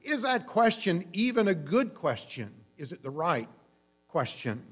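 Brief: male preacher, fairly high voice, measured explanatory delivery, some faint hum behind. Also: sing-song, slightly rough. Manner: measured, explanatory preaching with frequent restarts and fillers. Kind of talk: sermon.

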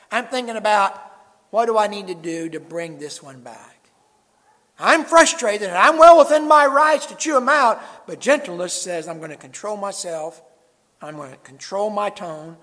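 Guy preaching a sermon in church, kinda high voice, goes loud then drops way down quiet, long echo. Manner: swings between loud emphatic lines and quiet low asides. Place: church sanctuary.

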